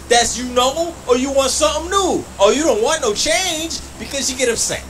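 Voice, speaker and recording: A man's voice: sits high, lively intonation, fairly quick, a bit bright, slight background noise. A man chatting casually on a live stream while gaming, slangy and trash-talking. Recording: music playing behind. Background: music.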